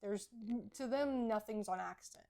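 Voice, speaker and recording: A woman co-hosts a relaxed podcast conversation about horses. Her voice carries a gravelly, fry-tinged texture. She talks in an earnest, explanatory way, handing out practical advice. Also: mid-range voice, moderate pace. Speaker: podcast co-host. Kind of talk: casual horse podcast chat.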